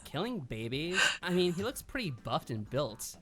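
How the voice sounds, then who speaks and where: A man reads visual novel narration aloud on a live stream and muses on it. His mid-pitched voice moves up and down a great deal. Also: sing-song, normal speed, a bit bright, soft background music. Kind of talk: reading narration and casual commentary.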